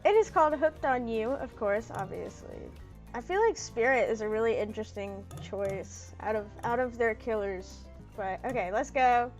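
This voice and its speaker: A woman's voice: fairly high pitch, animated, normal speed, dull audio, faint music behind. A woman streaming a dating sim, chatting playfully and reading the story text aloud with a lot of giggling. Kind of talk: casual gaming commentary, reading game text aloud.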